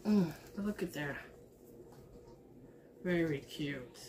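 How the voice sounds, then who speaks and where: A woman chatting casually to her viewers while opening craft mail, gushing and excited, and a mother. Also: low voice, slow, slight background noise. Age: adult with a son. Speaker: crafting vlogger. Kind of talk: casual unboxing chat.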